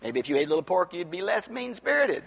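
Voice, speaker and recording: A man preaching an expository Bible sermon, teaching from the text and rising to near-shouts on his rhetorical questions. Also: high-pitched, sing-song, quick pace, creaky, breathy edge, long reverb tail.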